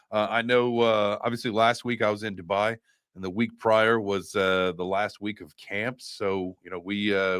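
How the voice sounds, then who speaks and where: A man's voice: on the low side, bright, forceful tone, no echo, studio quality. A man hosting a live streamed talk show, casual and slangy, sounding congested from a broken nose. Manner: loose, slangy and profane, with many fillers. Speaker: livestream host. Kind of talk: casual livestream chat.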